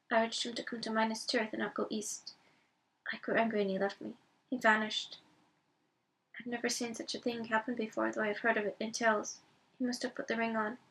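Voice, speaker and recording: A woman's voice: on the high side, a bit bright, distant mic, rough recording. A woman voicing Boromir, a troubled male warrior who speaks in a hesitant, evasive way.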